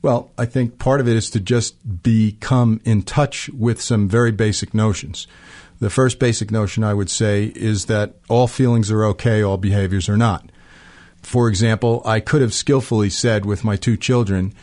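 A middle-aged man calmly explaining ideas in an interview, using everyday examples. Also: medium pitch, moderate pace. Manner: calm, explanatory, gives examples. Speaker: guest expert on emotional fluency. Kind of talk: interview answers.

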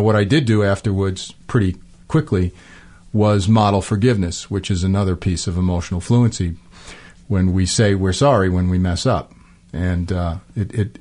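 A middle-aged man calmly explaining ideas in an interview, using everyday examples. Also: low-pitched. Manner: calm, explanatory, gives examples. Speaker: guest expert on emotional fluency. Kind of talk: interview answers.

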